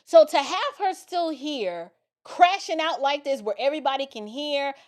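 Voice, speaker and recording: A woman's voice: high voice, lively intonation, moderate pace. A middle-aged woman giving blunt, emphatic reaction commentary in casual, colloquial speech. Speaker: political and cultural commentator.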